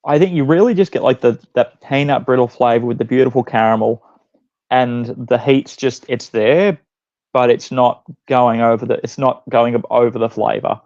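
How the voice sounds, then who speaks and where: A man's voice: medium pitch, normal speed, darkish tone, highs cut off. A man as an interview guest, answering in an easygoing, laid-back way. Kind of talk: casual interview.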